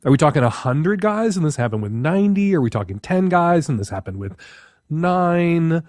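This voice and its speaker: A man's voice: on the high side, sing-song, moderate pace, a little mellow, no echo, clean studio sound. A man hosting an advice show, reading an ad and then questioning a caller in an emphatic, skeptical way. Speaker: host. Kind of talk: host read ad and advice commentary.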